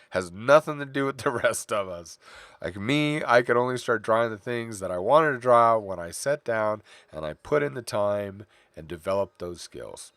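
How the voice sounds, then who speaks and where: A man's voice: medium pitch, fairly bright tone, no room sound. A middle-aged man from California, chatting casually while he draws, rambling off into tangents and stories. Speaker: artist streaming while drawing. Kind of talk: casual chat while drawing.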